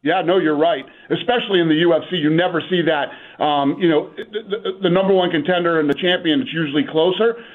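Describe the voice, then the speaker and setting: A man calling in as a guest on a radio show, talking up fights with brisk enthusiasm and reeling off stats. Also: fairly high pitch. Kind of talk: phone-in radio interview. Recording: tinny phone line.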